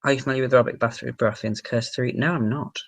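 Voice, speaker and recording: A young man with an English accent, hosting a casual livestream and chatting excitably as he answers viewer comments, swearing now and then. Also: mid-range voice, fast talker, vocal fry. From England. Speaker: livestream host.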